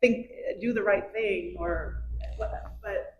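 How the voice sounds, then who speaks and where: A woman's voice: mid-range voice, slow, a little mellow, breathy edge, rough recording. A woman taking part in a church class discussion, thinking aloud and restarting her phrases. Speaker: class participant.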